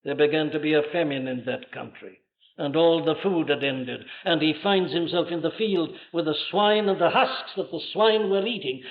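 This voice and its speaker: Older preacher man, dramatic swells and questions, old muffled sermon tape. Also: normal speed. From Wales. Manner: emphatic, rhetorical questions, dramatic rises in pitch. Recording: dull lo-fi archive sermon recording.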